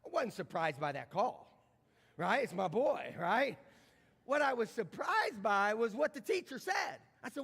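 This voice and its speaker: A man's voice: sits high, very animated, measured pace, gravelly, fairly bright tone, slightly rough. A middle-aged man preaching a conversational sermon, often repeating words and putting questions to the congregation. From American Midwest. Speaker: pastor. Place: large church sanctuary. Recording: church livestream with long hall reverb.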